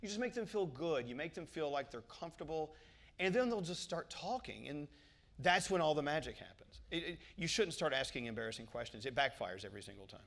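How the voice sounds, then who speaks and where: A radio host, telling stories in an animated, jokey way on stage before a live audience. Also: male voice, fairly high pitch, a little fast, creaky. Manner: animated storyteller, jokey and profane. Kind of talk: stage interview.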